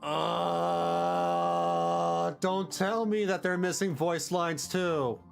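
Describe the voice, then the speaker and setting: Animated, laughing game streamer. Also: mid-range voice, very slow, gravelly, soft background music. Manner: animated, reactive, laughs often. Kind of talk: livestream gameplay commentary.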